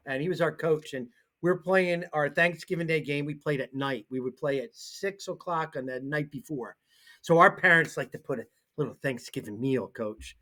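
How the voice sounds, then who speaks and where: A man co-hosting a casual sports talk show, telling stories animatedly and acting out the people he quotes. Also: fairly high pitch. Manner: animated storyteller who acts out the people he quotes.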